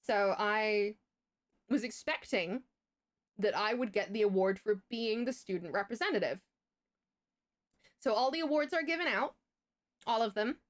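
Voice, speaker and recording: A young woman streamer telling a story in casual chat, animated and profane, laughing and stumbling over her words. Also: mid-range voice, measured pace, long pauses.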